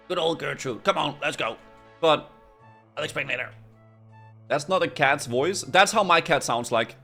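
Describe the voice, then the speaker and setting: A man's voice: fairly high pitch, normal speed, creaky, long pauses, sharp tone, faint music behind. Joking man streaming a game. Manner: joking, stumbling over words. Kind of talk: gameplay commentary.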